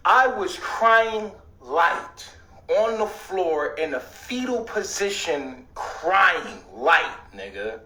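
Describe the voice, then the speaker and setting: A man telling a rambling story in casual talk, swearing often and at times breaking into shouts. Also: high-pitched, sing-song, very slow, recorded from a distance. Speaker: host. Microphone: streaming setup. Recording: echoey room, away from the mic.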